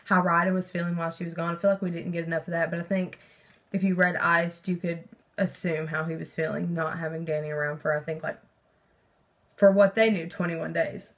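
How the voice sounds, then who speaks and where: A young woman vlogger talking about a book in a casual, rambling way, excitable, with lots of fillers and swearing. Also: lowish voice, a little fast. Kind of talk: casual book review chat.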